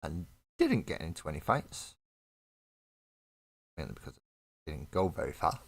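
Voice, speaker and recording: A man's voice: extremely low pitch, sing-song, measured pace, creaky, husky. A man chatting casually on a live painting stream, rambling and joking with viewers at his desk. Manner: rambling, joking, self-deprecating banter with chat. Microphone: desk mic on live webcam stream.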